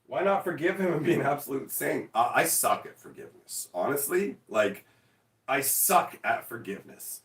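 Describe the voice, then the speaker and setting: A man in his forties chatting casually on a livestream, answering chat in a profane, excitable, self-mocking way. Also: mid-range voice, normal speed, roomy sound, distant mic. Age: 40s.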